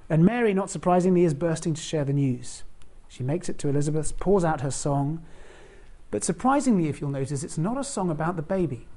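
Warm-toned preacher, conversational. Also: medium pitch. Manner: conversational, asks the congregation direct questions. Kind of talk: sermon.

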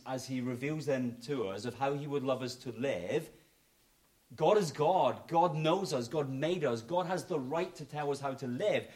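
A man preaching a sermon, swinging between emphatic high points and quiet low endings.

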